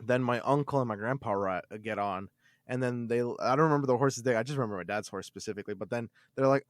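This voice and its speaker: A man on a podcast, telling a story from his childhood in an animated, swearing style with lots of repeated words. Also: mid-range voice, fast, no room sound, clean studio sound. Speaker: podcast host. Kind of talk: casual storytelling.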